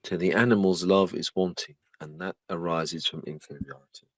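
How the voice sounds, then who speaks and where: A low-voiced man reads a verse translation aloud in a steady, formal way. The sound is close and dry, with no room around it. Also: moderate pace, no room sound, rough recording. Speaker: reader. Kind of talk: scripted reading of a verse translation.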